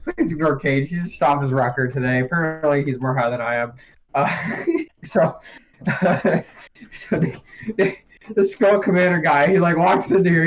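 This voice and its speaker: A man's voice: fairly high pitch, moderate pace. A young man co-hosting a casual podcast, rambling, swearing and laughing often as he recaps. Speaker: podcast co-host. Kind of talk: casual chat. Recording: dull lo-fi sound.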